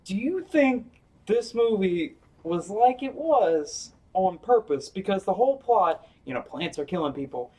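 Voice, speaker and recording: A man's voice: sits high, big pitch swings, unhurried, warm tone, recorded from a distance, poor audio. A man chatting casually on a movie review podcast, thoughtful and questioning. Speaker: podcast co-host.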